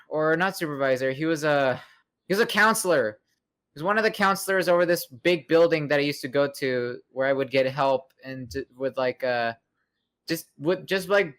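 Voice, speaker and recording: Young male podcast host, slightly high voice; loose, profane, rambling chat full of fillers. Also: fairly bright tone, clean tone. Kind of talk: casual chat.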